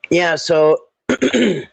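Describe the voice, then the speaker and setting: Slow, halting man. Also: on the high side, no echo, poor audio. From Minnesota. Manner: rambling, halting, frequent throat clearing. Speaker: live stream host. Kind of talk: casual live chat.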